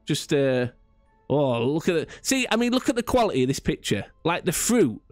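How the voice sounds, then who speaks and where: A man's voice: a little high, no echo. A man rambling through casual gameplay commentary, chatty and self-mocking with frequent restarts. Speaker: gaming YouTuber.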